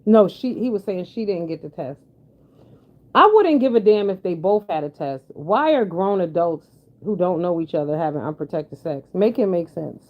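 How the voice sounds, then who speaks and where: A woman's voice: on the low side, lively intonation, moderate pace. A woman giving blunt, sassy, profane commentary in casual chat with her viewers. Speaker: commentary vlogger. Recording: dull lo-fi sound.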